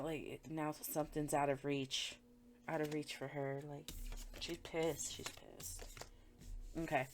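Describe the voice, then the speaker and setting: A woman's voice: sits low, slight background noise. Profane, chatty woman reading tarot. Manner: chatty, blunt and profane, with frequent filler words. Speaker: tarot reader. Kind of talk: casual tarot reading commentary.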